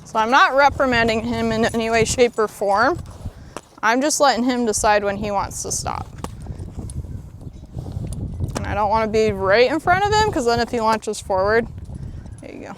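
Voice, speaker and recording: A woman's voice: a little high, lively intonation, fairly quick, a little hiss or hum. A woman horse trainer outdoors at a ranch, explaining a training demo and giving soothing, encouraging praise to a horse.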